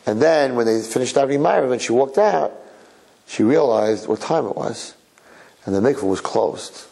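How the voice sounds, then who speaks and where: A rabbi telling a religious story to listeners in a conversational way, asking rhetorical questions and repeating phrases. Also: male voice, mid-range voice, normal speed, vocal fry, dark tone, low-quality recording. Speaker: rabbi giving a Torah talk.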